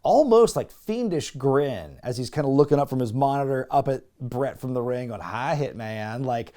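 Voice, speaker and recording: Guy casually recapping stuff on a podcast, gets animated, normal mid voice. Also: moderate pace. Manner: animated, acts out quotes with rising pitch. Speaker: podcast host.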